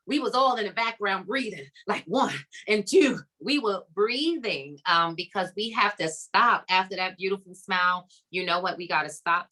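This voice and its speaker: Bright emphatic woman hosting a summit. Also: lowish voice, low-quality recording. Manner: emphatic, preacher-like, repeating phrases with "come on" and "okay". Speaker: summit host. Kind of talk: encouraging faith-based talk to a live online audience.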